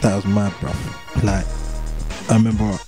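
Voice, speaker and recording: Speaking at a measured pace in a fairly low, level tone, this young English rapper chats casually during an interview. Expect a London street accent, heavy slang, and relaxed repetition, all over background music.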